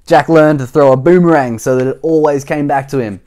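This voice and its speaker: A man's voice: on the high side, fairly quick, darkish tone. A man from Australia, reading a children's storybook aloud and adding playful chatty asides to listeners. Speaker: storybook reader.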